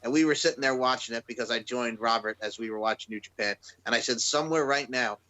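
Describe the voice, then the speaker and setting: A man's voice: mid-range voice, fast talker, sharp tone. A man co-hosting a podcast, chatty and rambling in casual talk. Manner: chatty, rambling, laughing asides. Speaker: podcast co-host. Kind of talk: casual wrestling chat.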